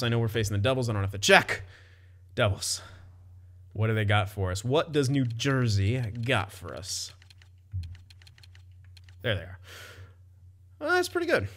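A man's voice: mid-range voice, a bit bright. A young man casually commenting on his own hockey game, chatty, often laughing and swearing loosely. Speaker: gaming commentator.

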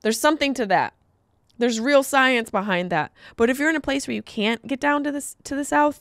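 A woman hosting a podcast, telling stories in an animated comedic monologue with jokey asides. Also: sits high, a little fast, dry recording, studio quality.

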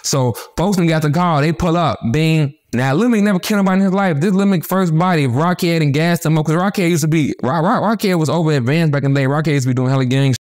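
A man talking at a rapid clip, with a voice sitting a little high for a man. He tells rough stories in animated, profane street talk, tripping over restarts as he goes. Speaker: interview guest. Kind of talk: casual storytelling interview.

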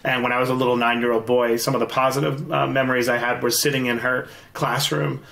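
A man in his forties, a guest in a casual interview, telling personal stories candidly with quick bursts and restarts. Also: medium pitch, level tone, gravelly, bright, forceful tone. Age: 40s. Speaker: guest, investor. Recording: roomy echo.

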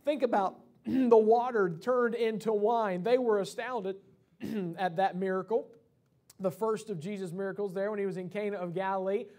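High-voiced preacher giving a sermon. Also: male voice, fairly even intonation, moderate pace, dark tone. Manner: conversational preaching with many fillers and restarts. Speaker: pastor. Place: church sanctuary.

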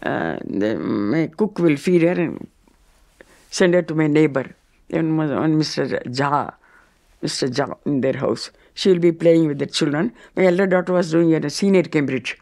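Gravelly older Indian woman telling a story. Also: sits low, normal speed. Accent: Indian English. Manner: lively storyteller, acts out others' words, hesitant fillers. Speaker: devotee sharing a testimony. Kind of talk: personal testimony storytelling.

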